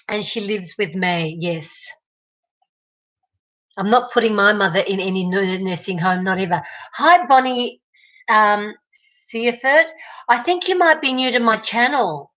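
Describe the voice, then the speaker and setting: A woman's voice: mid-range voice, takes it slowly, long pauses, a bit bright, dull audio. A woman with an Australian accent hosting a casual livestream from her kitchen, chatting with viewers and greeting them by name. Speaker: livestream host. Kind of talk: casual live chat reading viewer comments. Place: home kitchen.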